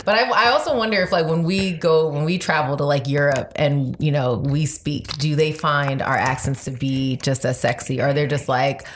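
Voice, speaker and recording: A woman's voice: deep voice, steady tone. A woman co-hosting a podcast, an actress chatting casually and teasing her co-host. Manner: teasing, wry, drawn-out pauses. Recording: roomy echo with faint noise.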